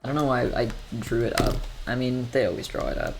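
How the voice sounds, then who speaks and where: A young man with a gravelly, fry-edged voice rambles through engineering homework on a casual study stream. He drifts between chatty asides and quiet muttering as he works the problems. Faint music plays underneath. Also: mid-range voice, a little fast. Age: young adult. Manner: rambling, muttering to himself while working problems.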